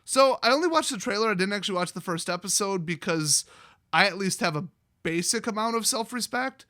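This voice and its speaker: An American man ranting sarcastically as host of a commentary video, mocking and animated. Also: high voice, brisk, no room sound, clean studio sound. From United States.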